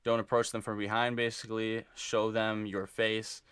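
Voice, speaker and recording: A man's voice: lowish voice, little pitch movement, moderate pace, fairly bright tone, smooth. A young man rambling loosely through casual reaction commentary, with many fillers. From United States. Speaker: reaction video host.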